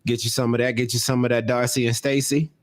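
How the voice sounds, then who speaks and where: A man co-hosting a casual podcast, joking and laid-back. He uses loose, colloquial slang at a middle pitch. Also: little pitch movement, fast talker. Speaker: podcast co-host.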